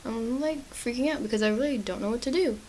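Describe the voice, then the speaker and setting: A woman's voice: a little high, quick pace, darkish tone, slight background noise, low-quality recording. A young woman chatting casually through a makeup tutorial at home, apologetic and self-deprecating. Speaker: beauty vlogger.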